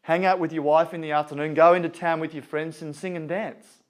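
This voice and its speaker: Man as pushy, excitable banker, higher pitch. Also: brisk, close to an everyday voice. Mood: excited. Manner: eager, pushy, rising excitement. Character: stressed, excitable male banker.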